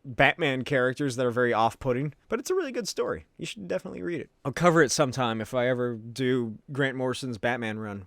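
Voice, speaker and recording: A man's voice: medium pitch, no echo, clean studio sound. A man casually recapping a comic book with jokey, sarcastic asides.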